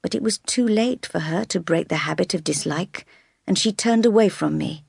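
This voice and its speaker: A woman reads a classic novel aloud in a calm, measured way, pitched a little low. The sound is close and dry, with no room around it. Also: creaky, husky, no room sound. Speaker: narrator. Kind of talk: scripted audiobook narration.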